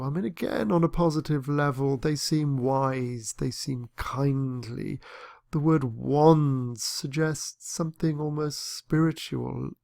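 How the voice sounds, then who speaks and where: A man's voice: mid-range voice, gravelly, a little mellow, no room sound, studio quality. A man teaching a literature lesson on a poem, thoughtful and hesitant, with many fillers and restarts. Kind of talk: lecture on poetry.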